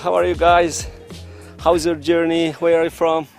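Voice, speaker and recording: A man's voice: on the high side, little pitch movement, normal speed, vocal fry, faint music behind. A man interviewing tourists on location with friendly short questions.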